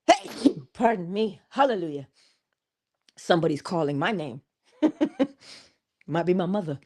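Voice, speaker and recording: A woman's voice: medium pitch, a little mellow. A woman giving a morning inspirational talk, with preacherly calls and frequent laughter. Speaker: motivational speaker.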